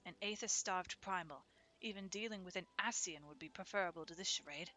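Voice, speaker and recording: A woman's voice: fairly low pitch, pushed and bright. A woman voicing a stiff, formal young nobleman in a game, with old-fashioned phrasing.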